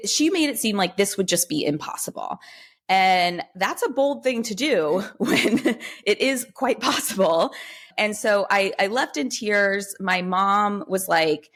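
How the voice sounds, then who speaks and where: A woman in her thirties, a podcast guest, telling a personal story in casual conversation and acting out the people she quotes. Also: moderate pace. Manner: animated, acts out quoted dialogue with lifted pitch.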